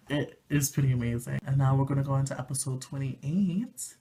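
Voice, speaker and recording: A man chatting through a casual video review in a middle-pitched voice, rambling with fillers and restarts. He gushes eagerly, sometimes trailing into quiet murmurs and sometimes jumping up into high squeals. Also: fairly quick, few pauses. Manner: excitable, gushing, swings from soft murmurs to high squeals. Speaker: anime reviewer.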